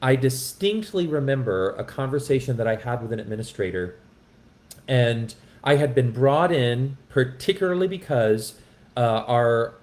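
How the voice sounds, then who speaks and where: A man's voice: medium pitch, a little mellow. Earnest man telling a story. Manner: earnest and impassioned, with frequent restarts and asides. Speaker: music educator. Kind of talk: storytelling in a podcast conversation.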